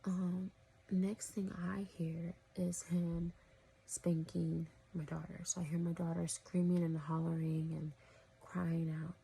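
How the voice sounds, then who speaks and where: Woman vlogger, low husky gravelly voice, flat delivery, rambling, drifts into whispers. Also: takes it slowly. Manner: rambling, full of "you know" and "like", often drops to a whisper. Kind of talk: casual storytelling to camera.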